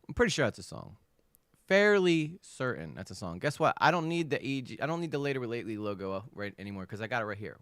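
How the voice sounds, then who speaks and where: A man's voice: mid-range voice, fast, no room sound, studio quality. A man hosting a casual livestream, chatting animatedly, repeating phrases and reading out viewers' names from the chat. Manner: animated, repeats himself, reads chat aloud. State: recovering from illness. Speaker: livestream host.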